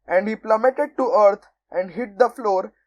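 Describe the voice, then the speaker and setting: A young woman narrating a children's storybook aloud in a measured, expressive way. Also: medium pitch, lo-fi sound. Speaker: volunteer audiobook reader.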